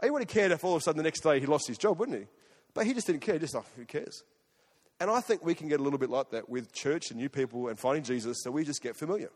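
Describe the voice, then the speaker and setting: An Australian man preaching a sermon in an animated, conversational way, swinging between loud and hushed as he tells a story. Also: a little high, very fast. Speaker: guest preacher. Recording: long hall reverb.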